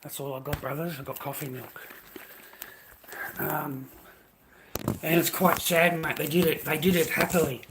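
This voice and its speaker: Speaking at normal speed with long pauses and a steady tone, an Australian man with a voice on the high side rants bluntly to camera. He's repetitive and ends phrases with "mate". There's background noise.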